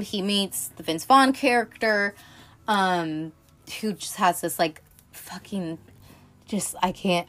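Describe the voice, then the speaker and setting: A woman chatting casually about movies, talking in a loose, swearing, filler-heavy way with lots of asides. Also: lowish voice. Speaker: film podcaster. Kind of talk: casual film review chat.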